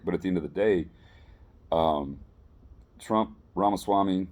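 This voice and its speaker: A man with a deep, mellow voice talks loosely to his audience. He rambles, restarts his sentences and sounds earnest rather than polished. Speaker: vlogger sharing political opinions. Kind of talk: casual spoken commentary to camera.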